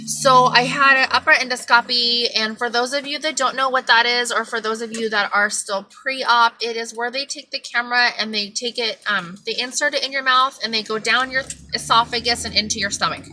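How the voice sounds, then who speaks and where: High-ish voiced woman rambling on camera in her car, excitable and candid, lots of car noise behind. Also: fairly quick, hardly any pauses, poor audio. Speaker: vlogger. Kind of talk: casual chatty update. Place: inside a car.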